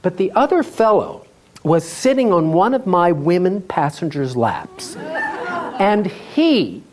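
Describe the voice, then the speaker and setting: A man telling a humorous story on stage as a live storytelling performance, in an animated way with laughs in his voice. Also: high voice, a little hiss or hum. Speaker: storyteller, tour guide. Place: festival stage before an audience.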